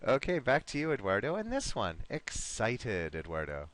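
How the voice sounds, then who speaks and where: A man's voice: medium pitch, wildly swooping pitch, normal speed, a bit bright, no echo. A man teaching an online English vocabulary class, patiently repeating words and encouraging his students.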